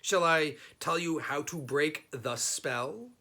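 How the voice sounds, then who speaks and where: A clever folk hero from a storybook teases his foes with cheerful calm, as a man plays him. His voice is bright and a little gravelly, with a slow, lively lilt. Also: on the high side, full character voice. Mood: teasing.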